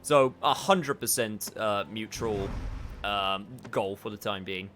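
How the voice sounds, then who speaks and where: A man casually commenting on his game as he streams it, rambling and chatty with sudden excited outbursts. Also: on the low side, slow pace. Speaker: gamer streaming a playthrough. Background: game music.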